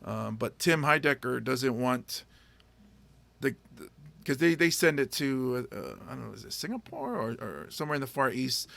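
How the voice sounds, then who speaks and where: A man's voice: mid-range voice, big pitch swings, normal speed, vocal fry, fairly bright tone, no room sound. A man hosting a casual talk, telling long rambling stories with lots of fillers and restarts. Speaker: podcast host and stand-up comedian. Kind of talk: casual storytelling chat.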